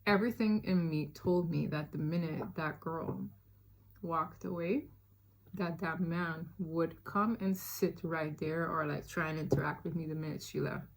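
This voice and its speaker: Brief: woman, lowish voice, chatty storytime vlogger, lots of "like" and "y'all". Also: measured pace. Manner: animated, chatty, many fillers, addresses listeners as y'all. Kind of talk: casual storytime chat.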